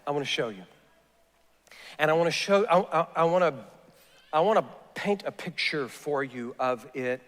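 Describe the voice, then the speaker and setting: A man's voice: a little high, animated, moderate pace, pauses often, a bit bright, long reverb tail. A man preaching a sermon as pastor, earnest and repeating phrases as he builds each point. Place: church sanctuary.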